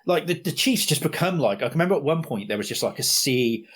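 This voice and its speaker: A man's voice: mid-range voice, animated, fast talker, breathy edge. A man co-hosting a casual gaming podcast, reminiscing with dry, wry remarks. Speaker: podcast co-host. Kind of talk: casual chat.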